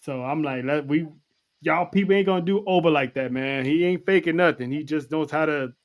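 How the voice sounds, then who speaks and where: A man's voice: a little high, fairly quick, lo-fi sound. A man co-hosting a wrestling podcast, making his points emphatically and repeating words as he takes the floor. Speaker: podcast co-host. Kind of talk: casual chat.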